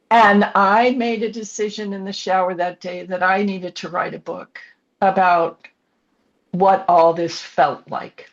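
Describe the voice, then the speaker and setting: On a podcast with dull lo-fi sound, a sixties-aged author and coach earnestly recounts her own family story in short, reflective phrases, a candid personal account. Her voice is medium-pitched with fairly even intonation, and she talks a little slowly.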